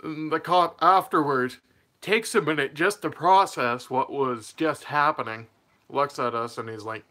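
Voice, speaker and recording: A man's voice: a little high, measured pace, bright, forceful tone. A young man telling a personal story in a casual, rambling way, laughing mid-sentence and losing his train of thought.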